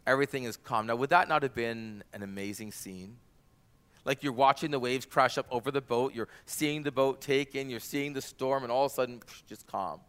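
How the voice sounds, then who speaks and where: Male pastor, sermon delivery, bright tense tone, animated. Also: medium pitch, fairly quick, smooth. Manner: animated, rises loud for quoted cries.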